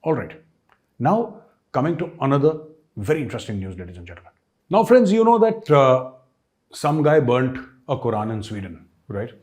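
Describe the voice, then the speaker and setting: A man's voice: mid-range voice, very animated, normal speed, a little mellow. A man with an Indian English accent giving an emphatic, sarcastic political commentary as a host, full of rhetorical questions. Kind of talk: opinion commentary.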